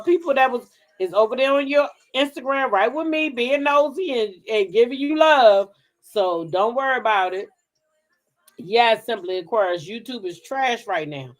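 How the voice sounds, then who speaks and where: A middle-aged woman with a slightly high voice hosts a gossip channel, frankly chatting, reading comments and swearing liberally with viewers on a casual live stream.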